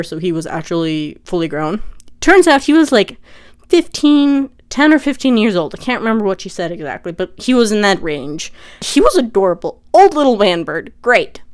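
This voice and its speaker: A young woman casually retelling a story for her vlog, chatty and animated, full of "like". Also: medium pitch, clean tone. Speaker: vlogger.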